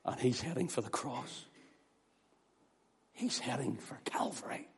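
A man preaching an impassioned sermon, swinging from loud exclamations to hushed near-whispers. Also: mid-range voice, animated, a little slow. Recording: echoey hall reverb.

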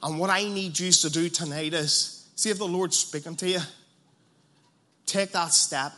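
A man preaching an evangelistic sermon, passionate and blunt, dropping to a hush and then rising loud, with colloquial asides. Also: on the high side, fairly even intonation, measured pace. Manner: passionate, swings from hushed to loud.

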